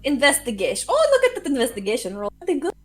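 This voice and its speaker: Game master, woman, high and animated, swears and laughs a lot. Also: racing, faint music behind. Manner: laughs often, swears casually. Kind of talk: narrating a tabletop game.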